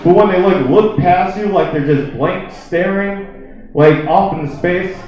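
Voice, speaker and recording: A man's voice: high voice, unhurried, darkish tone. A man doing a stand-up comedy set, telling a rambling, profane story packed with "like.". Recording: echoey, distant, dull lo-fi room recording.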